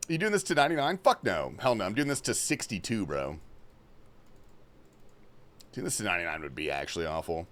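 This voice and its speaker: Young male streamer from Australia, loose and profane, with a lively, bouncy delivery. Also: low voice, a little fast, pauses often. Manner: reads chat questions aloud and answers loosely, swearing often. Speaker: livestream host. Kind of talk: casual gaming stream chat. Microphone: headphones and desk mic.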